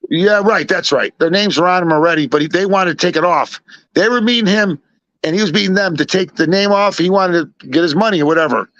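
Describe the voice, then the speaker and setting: A man from Chicago spins a meandering story in a fairly high voice, full of asides. The recording is dull and lo-fi, with a dry, close sound. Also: fairly quick, no echo. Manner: rambling, animated retelling with many asides. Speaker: storyteller guest. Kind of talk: casual anecdote telling.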